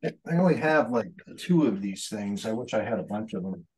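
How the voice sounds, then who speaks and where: A man's voice: on the low side, animated, moderate pace, darkish tone, breathy edge. A man chatting casually on a video call while painting, rambling and correcting himself. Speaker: artist painting during a group session.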